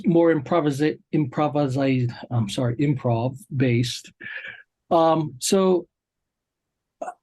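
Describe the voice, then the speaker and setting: A man interviewing a performer, encouraging and halting, with many fillers. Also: a little high, warm tone. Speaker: interviewer, creative director. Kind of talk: casual interview.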